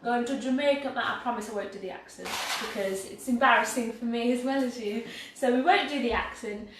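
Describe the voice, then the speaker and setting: Brief: cheerful English woman, high voice, baking livestream host, far from laptop mic, faint room noise. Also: fairly quick, very echoey. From England. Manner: bubbly, chatty, self-mocking. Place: home kitchen. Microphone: laptop mic from across the room.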